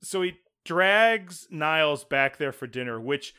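A man co-hosting a casual chat, with a bright, somewhat high voice. He rambles, restarts his sentences and chuckles along the way. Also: animated, measured pace. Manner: rambling, self-correcting, chuckles while talking. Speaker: podcast co-host. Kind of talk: casual chat about a sitcom.

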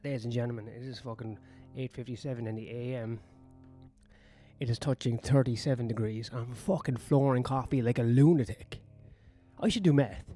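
A man's voice: medium pitch, moderate pace, mellow, soft background music. A man ranting in a sweary, sardonic, rambling monologue as a comedian vlogging on his own.

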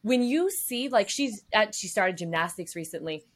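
A woman's voice: medium pitch, lively intonation, moderate pace. A young woman co-hosting a podcast, chatting casually with enthusiastic affirmations. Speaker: co-host.

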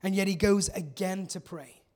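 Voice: medium pitch, steady tone, normal speed, darkish tone. A preacher giving a sermon in an earnest, conversational way, repeating key phrases for emphasis.

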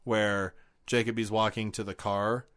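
A man's voice: lowish voice, level tone, a little slow, fairly bright tone, clear, resonant tone. A man co-hosting a podcast, casually picking apart a movie with dry, mocking remarks. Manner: dry, mocking, finishes partner's sentences. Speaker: podcast co-host. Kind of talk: casual movie review chat.

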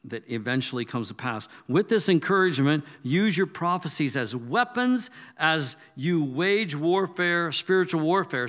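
A man's voice: a little high, fairly bright tone. A male pastor preaching conversationally, telling stories and acting out quoted asides. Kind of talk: sermon.

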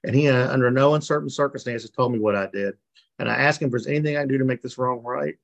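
Gravelly man telling his recovery story. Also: mid-range voice, fast, dull audio. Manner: earnest, repetitive, emotional storytelling. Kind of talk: personal testimony at a recovery meeting. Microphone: video call.

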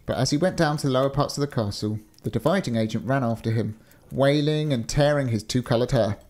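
A man's voice: mid-range voice, fast, a little mellow. A man reading a story aloud in an easygoing manner, chatting between passages. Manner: easygoing, laughs often. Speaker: storyteller and co-host.

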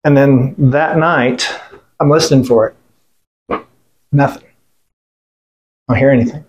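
A man's voice: mid-range voice, fairly even intonation, measured pace, a little mellow. A man, a military veteran interviewed as a guest, telling a story casually and bluntly, swearing, rambling, and quoting what others said. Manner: blunt, profane, retells events by quoting others; rambling with restarts and fillers.

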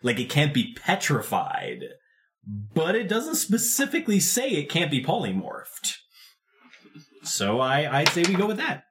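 A man's voice: fairly high pitch, huge pitch swings, unhurried, fairly bright tone. A man running a tabletop role-playing game as game master, narrating loosely with frequent laughs and restarts.

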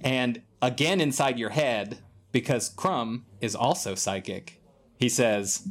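A man narrating a tabletop game as game master, relaxed and wry. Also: mid-range voice, takes it slowly.

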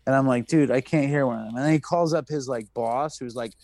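A man's voice: mid-range voice, fast talker, slight background noise. A man from New York City hosting a podcast, telling a story in casual chat, acting out the people in it and swearing freely. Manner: animated storyteller, acts out quotes, swears freely. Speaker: podcast host.

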